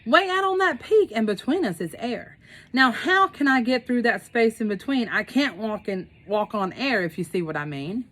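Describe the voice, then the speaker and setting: A woman's voice: on the high side, lively intonation, moderate pace, a bit bright. A big, honest male elephant from a storybook pleads in a worn-out, put-upon voice, as a woman acts him out. He sounds tired but sincere. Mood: pleading.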